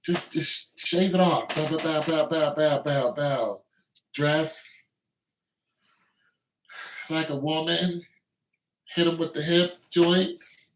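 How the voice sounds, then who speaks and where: A man's voice: a little high, steady tone, slow, long pauses, slight background noise. A man in a blunt, preachy and joking casual rant, recorded in an echoey room with faint music behind. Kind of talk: casual rant with improvised singing.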